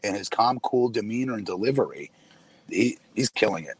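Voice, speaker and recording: A man's voice: lowish voice, expressive, fairly quick, husky, dry recording. A man co-hosting a casual podcast, talking loosely and laughing easily. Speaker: podcast co-host. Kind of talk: casual wrestling podcast chat.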